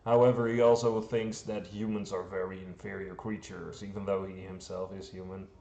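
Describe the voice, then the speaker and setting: A man's voice: deep voice, flat delivery, moderate pace, vocal fry, mellow, highs cut off. Chuckling Dutch man in an echoey room. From Netherlands. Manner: chatty and chuckling, with many fillers and restarts. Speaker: film reviewer. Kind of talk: casual movie review. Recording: roomy echo.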